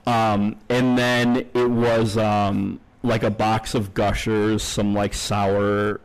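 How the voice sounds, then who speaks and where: Rambling, swearing podcast host. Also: male voice, lowish voice, flat delivery, slow pace, clear, resonant tone, low-quality recording. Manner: rambling, filler-heavy, swears a lot. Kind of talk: casual storytelling chat.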